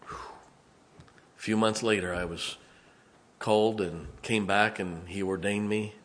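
A man in his fifties, a pastor preaching a sermon, telling a personal story and dropping to a hushed, emotional tone. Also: on the low side, fairly even intonation, slow pace, slight background noise.

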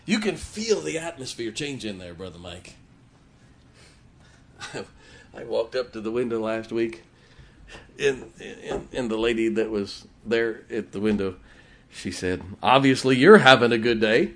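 A man's voice: fairly low pitch, lively intonation, unhurried, vocal fry, pauses often, a little hiss or hum. A male pastor preaching a sermon in church, telling folksy stories and laughing at his own jokes.

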